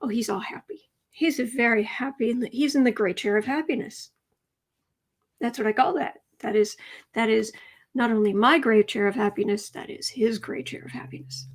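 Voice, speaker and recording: Brief: middle-aged woman, livestream host, a bit high-pitched, chatty and rambling. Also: moderate pace. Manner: chatty, rambling, greets chat viewers by name. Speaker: tarot reading livestream host. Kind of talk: casual livestream chat.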